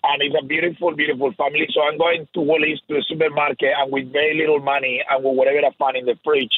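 A husky, fairly high male voice with a Spanish accent, chatting with eager, rambling energy. The sound is tinny and phone-like, with a dry, close feel. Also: flat delivery, fast, no echo. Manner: enthusiastic, rambling storyteller. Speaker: celebrity chef guest. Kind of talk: casual radio chat.

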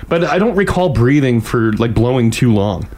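A man's voice: mid-range voice, lively intonation, moderate pace, darkish tone. A man co-hosting a talk radio show, easygoing and agreeable, tossing in quips. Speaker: radio co-host. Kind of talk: casual talk radio chat.

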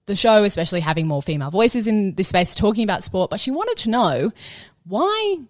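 A woman's voice: medium pitch, very animated, a little fast, no room sound, studio quality. A woman hosting a sports podcast with other women, chatty and upbeat. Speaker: podcast host. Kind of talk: casual chat.

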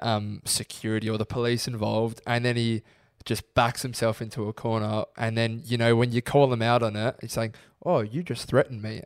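A young Australian man co-hosting a podcast, telling a story with lively quoted voices. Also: mid-range voice, clean tone, dry recording, studio quality. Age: young adult. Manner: animated storyteller acting out quotes. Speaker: podcast co-host. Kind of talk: casual podcast chat.

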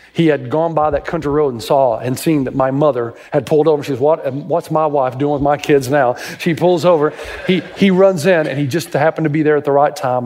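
A middle-aged pastor from Tennessee preaching a sermon and telling stories dramatically, his voice jumping up high when he acts out what others said. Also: a little mellow, big-room sound. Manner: dramatic storytelling, pitch leaping up in quoted voices.

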